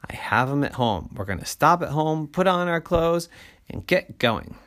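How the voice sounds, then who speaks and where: A man doing a weary but playful dad in a storybook tale, with a lively, bouncing delivery. He teases his kids in a slightly raised, mock-stern voice. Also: fairly high pitch, normal speed, pitched above the performer's own voice. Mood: teasing. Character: tired, teasing father of three kids.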